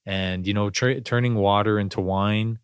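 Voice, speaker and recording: A man's voice: on the low side, fairly even intonation, moderate pace, clear, resonant tone, no room sound, clean studio sound. A man hosting a podcast, talking in a rambling, reflective way with lots of fillers and restarts. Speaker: podcast host. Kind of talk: casual spiritual conversation.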